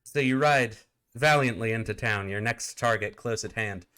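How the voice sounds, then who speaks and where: A man narrating a tabletop game as game master, halting and full of fillers. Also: on the low side, sharp tone, clean tone.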